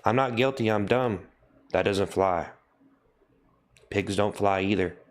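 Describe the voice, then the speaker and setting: A man hosting a livestream, repeating a deadpan mock confession over and over. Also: on the low side, unhurried. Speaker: livestream host. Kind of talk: mock-solemn livestream apology.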